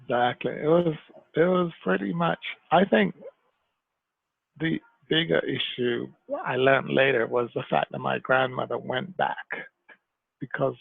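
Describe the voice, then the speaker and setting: A Jamaican-born man telling stories from his life as an interview guest, in an animated way. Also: medium pitch, unhurried, creaky, slightly rough, no room sound. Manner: animated storyteller, slips into mimicked voices. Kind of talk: conversational interview storytelling. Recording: tinny phone-like line, dry.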